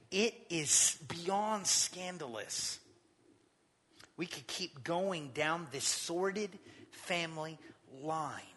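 A man preaching a sermon, retelling scripture with lively acted-out quotes. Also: on the high side, in a large hall. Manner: animated storytelling, acting out quotes. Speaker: pastor.

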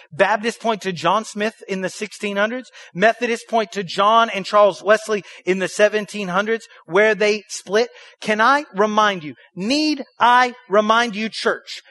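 A man's voice: high voice, sharp tone. A man preaching a sermon as pastor, firing rhetorical questions and leading the congregation in repeating lines.

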